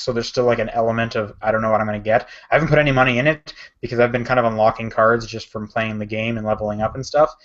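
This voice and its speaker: A man's voice: mid-range voice, a bit bright. A man co-hosting a podcast in casual chat, rambling with lots of fillers and self-corrections. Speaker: podcast co-host. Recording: dull lo-fi podcast audio.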